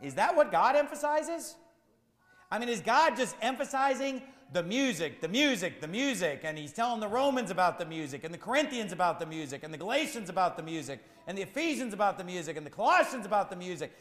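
A man's voice: high-pitched, fairly bright tone, echoey room, long reverb tail. A man preaching a sermon as pastor, firing rhetorical questions in a repetitive, emphatic cadence.

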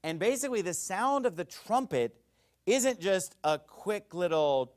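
A high-voiced man preaches an expository sermon at a measured pace, animated and folksy, frequently checking in with his listeners.

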